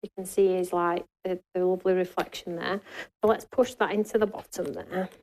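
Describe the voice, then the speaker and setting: A woman's voice: fairly low pitch, steady tone, brisk, darkish tone. A woman hosting a live craft demonstration in a studio, chatting to her viewers and answering their comments as she works. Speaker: craft show host.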